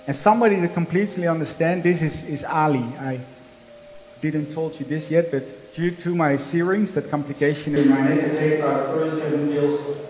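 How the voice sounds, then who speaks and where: Speaking a little fast in a steady, darkish voice on the high side, a thirty-something man from the Netherlands delivers a motivational conference talk. He's earnest and emphatic, telling stories with a Dutch accent and small slips in his second-language English. The poor audio has a long reverb tail.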